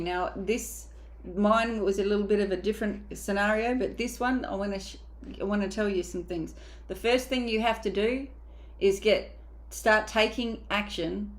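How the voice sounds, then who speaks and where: A woman mindset coach giving a motivational coaching talk, emphatic and casual, sometimes acting out inner voices. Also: mid-range voice.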